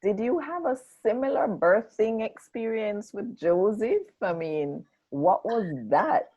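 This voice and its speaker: A woman hosts an interview, speaking slowly and measuredly. Her pitch moves animatedly up and down. The audio is muffled and lo-fi. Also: big pitch swings, dark tone. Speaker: interview host. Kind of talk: interview questions.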